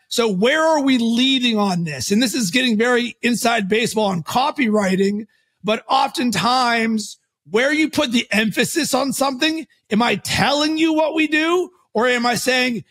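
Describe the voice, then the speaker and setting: A man with a strikingly high voice and a gravelly edge talks as a podcast guest. He explains his ideas in a lively conversational way, racing through some phrases and punching others out loud. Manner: fast animated delivery with bursts of loud emphasis. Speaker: podcast guest, coach and founder.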